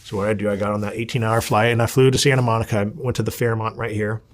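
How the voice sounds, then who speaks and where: A man as an interview guest, telling his story in a casual, animated and blunt way, swearing freely. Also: fairly low pitch, quick pace.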